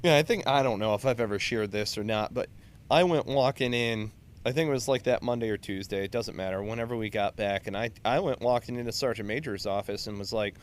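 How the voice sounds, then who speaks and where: A man's voice: on the low side, fairly quick. A man, a Marine veteran, telling war-time stories in casual, profane chat. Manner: profane, animated storyteller. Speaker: Marine veteran podcast co-host.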